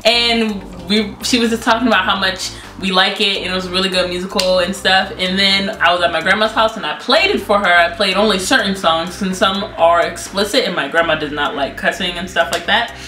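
A teenage woman co-hosting a vlog, chatty and quick to jump into the story. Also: mid-range voice, bright, forceful tone. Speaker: co-host of a vlog channel. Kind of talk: casual chat. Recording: roomy echo, faint background music.

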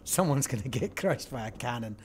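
A man's voice: medium pitch, animated, a little fast, a little mellow, a little hiss or hum. A man hosting a let's-play, talking casually and thinking aloud as he works through clues. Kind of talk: casual game commentary. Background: game music.

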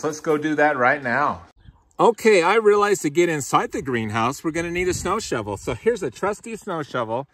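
Breathless bright-voiced farmer filming himself. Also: male voice, on the high side. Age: 40s. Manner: upbeat, addresses viewers as guys. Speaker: farmer and channel host. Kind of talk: casual walk-and-talk farm vlog. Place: outdoors in snow and inside a greenhouse. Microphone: handheld camera, filming himself.

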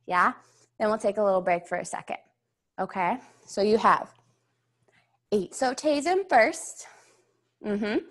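A woman's voice: mid-range voice, a bit bright. A young woman teaching a beginner ballet class, a little out of breath, cueing steps, counting beats and checking in with her students. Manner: encouraging, counts beats aloud, checks in with "yeah?". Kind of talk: online dance class instruction.

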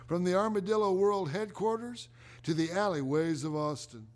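A middle-aged man performs his own life story as a theatrical spoken monologue, talking slowly and deliberately and letting dramatic pauses hang. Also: sits high. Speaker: performer of a one-man autobiographical play.

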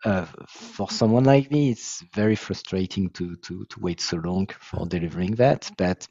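A man from France with a French accent, explaining his software in a casual video call, halting and searching for English words. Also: low voice, vocal fry, no room sound, muffled recording. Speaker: software founder presenting his tool.

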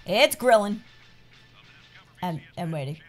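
A woman's voice: lowish voice, lively intonation, takes it slowly, faint music behind. A young woman hosting a gaming video, reading the game's lines aloud and joking and swearing casually between them. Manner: reads game dialogue aloud, jokey asides, swears casually. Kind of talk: let's play commentary.

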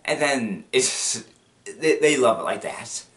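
A man with a medium-pitched, fairly bright voice recaps a cartoon episode at a slow pace as a video commentator. His telling is casual and rambling, full of repetition and restarts, and he breaks into acted lines.

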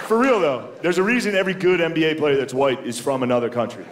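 A man's voice: on the high side, quick pace, noisy background. An American man doing a stand-up comedy set on stage, talking in a loose, casual way and chuckling at his own lines. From United States. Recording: echoey venue with loud audience laughter.

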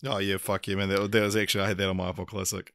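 A man's voice: deep voice, level tone, very fast, a bit bright, dry recording, studio quality. A man co-hosting a casual film review podcast, making brief, laid-back asides. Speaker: podcast co-host.

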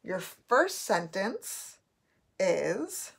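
A woman teacher giving a recorded spelling test, dictating words slowly and repeating each one. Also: on the low side, expressive.

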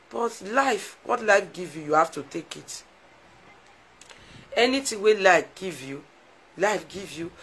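Speaking casually to viewers on a live stream, a woman with a Nigerian Pidgin English accent pours out frequent, heartfelt, emotional thanks. Her pitch is fairly low, and the rough recording has a slight hiss or hum.

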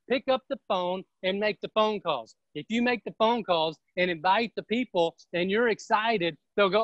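A woman's voice: mid-range voice, animated, normal speed, hardly any pauses, no room sound. A woman giving a blunt, emphatic motivational pep talk as a guest on a video call. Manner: blunt, emphatic, preachy, with some swearing. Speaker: real estate team leader speaking as a guest. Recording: dull, dry video-call audio.

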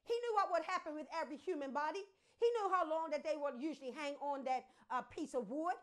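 High-pitched woman pastor delivering an emphatic sermon, dropping low then swelling loud. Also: lively intonation, fairly quick. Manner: emphatic, call-and-response preaching with sudden loud swells and hushed drops. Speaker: preacher.

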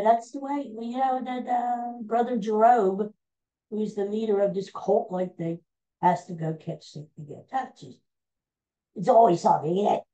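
A woman hosting a podcast, recapping old TV episodes in a casual, meandering, animated storytelling way. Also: medium pitch, low-quality recording. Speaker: podcast host.

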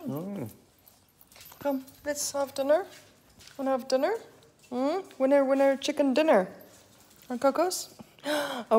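A woman's voice: high voice, lively intonation, a little slow, long pauses, a little hiss or hum. A young South African woman vlogging casually, chatting and cooing baby talk at her dogs. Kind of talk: casual daily vlog. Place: home and outdoor walk.

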